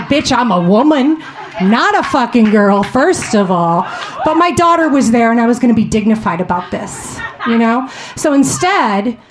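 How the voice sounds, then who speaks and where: A woman's voice: fairly high pitch, a little hiss or hum. Brash, profane woman comic in an echoey club. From Ohio, USA. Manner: profane, animated storytelling. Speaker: stand-up comedian. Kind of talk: stand-up comedy set.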